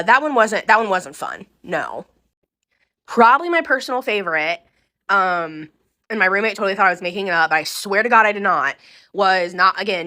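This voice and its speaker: Bright-voiced woman telling candid stories. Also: mid-range voice. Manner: candid, swears freely, many ums. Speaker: hospice volunteer telling stories. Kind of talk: casual storytelling to camera.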